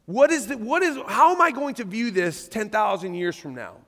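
A man preaching a sermon as pastor, talking in a casual, animated way and reading scripture aloud from a church stage. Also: high voice, moderate pace. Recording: long reverb of a church hall.

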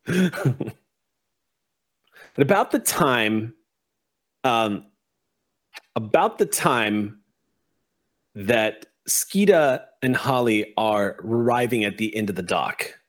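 A man's voice: mid-range voice, expressive, drawn-out words, pauses often. A man narrating and running a tabletop role-playing game as game master, in a casual, easygoing way with laughs between the rules.

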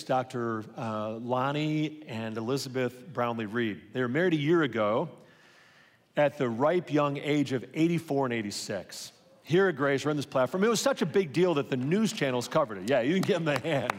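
A man's voice: mid-range voice, animated, moderate pace. A middle-aged man pastor giving a sermon, earnest and personal, telling stories with frequent restarts. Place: large church hall. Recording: live sermon with long hall reverb.

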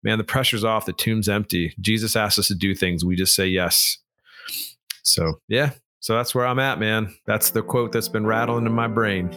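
A pastor co-hosting a podcast, speaking earnestly and reflectively in a low male voice. He talks loosely, dropping "like" as he gropes for words. His tone stays warm and sincere throughout. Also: steady tone, moderate pace. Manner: earnest, reflective, often says "like". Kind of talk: casual chat.

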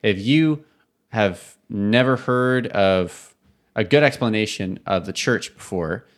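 A man's voice: fairly low pitch, slow pace. A man co-hosting a casual podcast, explaining ideas and laughing easily. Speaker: podcast co-host.

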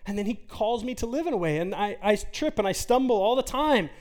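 A man's voice: high voice, animated, brisk, hardly any pauses, darkish tone. A man in his forties preaching an earnest, conversational sermon as a pastor, full of rhetorical questions.

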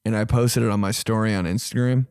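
A young man telling comic stories on his podcast, animated and profane, squeaking high to imitate a beeping alarm. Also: fast talker, clean tone, dry recording, clean studio sound. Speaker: comedian podcast host. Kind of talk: casual comedic storytelling.

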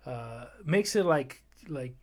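A man co-hosting a casual podcast chat, rambling and lively, full of fillers and restarts. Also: medium pitch, slow. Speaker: podcast co-host.

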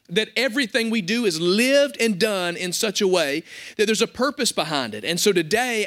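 A man's voice: sits high, a bit bright. A young adult man pastor preaching a sermon to his congregation, conversational and joking.

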